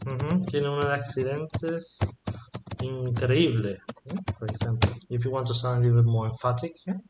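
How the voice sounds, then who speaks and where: A man's voice: mid-range voice, moderate pace, noisy background. Easygoing male teacher, roomy sound. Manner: relaxed, prompts often with 'yeah?' and 'ujú'. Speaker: Spanish teacher. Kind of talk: casual online language lesson.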